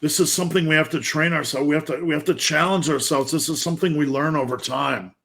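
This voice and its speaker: A motivational speaker in his fifties gives a blunt, intense rant full of heavy swearing. His voice sits on the high side, quick-paced and fairly bright, with vocal fry.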